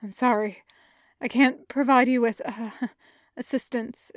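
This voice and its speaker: A woman's voice: on the high side, fairly even intonation, no room sound, studio quality, close to an everyday voice. A woman voicing a starving vampire man who halts and stammers as he fights his hunger. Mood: strained, stammering. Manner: halting, stammering, breathless.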